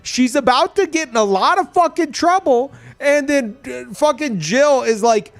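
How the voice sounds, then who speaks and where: Animated high-voiced male game streamer. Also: unhurried, few pauses, faint music behind. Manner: excitable, swears a lot, laughs while ranting. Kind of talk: casual live commentary.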